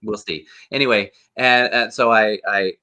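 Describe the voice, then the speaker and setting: A man who is a guest actor, telling animated anecdotes in a casual interview with many restarts. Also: lowish voice, measured pace.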